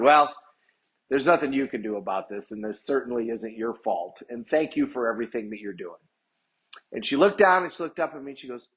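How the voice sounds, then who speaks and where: A man, a lawyer, telling a personal story in a casual way. He is chatty, fills the story with "I'm like" asides, and acts out the people he quotes. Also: mid-range voice. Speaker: lawyer sharing personal stories.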